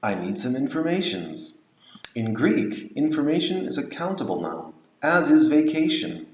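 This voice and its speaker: A man's voice: a little high, sing-song, measured pace, echoey room, low-quality recording. A man lecturing on language teaching, explaining points and modeling example phrases. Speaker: English teacher trainer.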